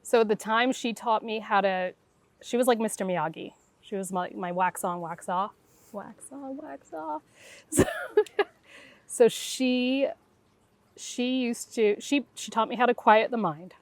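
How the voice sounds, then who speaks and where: Telling her story in conversation, a middle-aged guest intuitive uses a mid-range voice at normal speed, captured in a dry recording. She animatedly acts out what each person in the story said.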